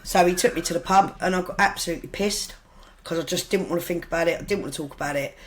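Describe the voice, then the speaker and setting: A woman with a fairly low voice talks fast as a podcast guest, and the recording quality is poor. She tells her story casually and frankly, often rambling, backtracking, and correcting herself, with blunt humour and an occasional swear word.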